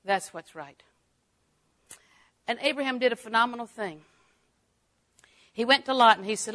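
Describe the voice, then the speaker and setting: An older woman teaching a Bible lesson in a folksy way, dropping to a hush and rising to exclaim. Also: a little high, normal speed, pauses often. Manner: folksy, swings from hushed to exclaiming.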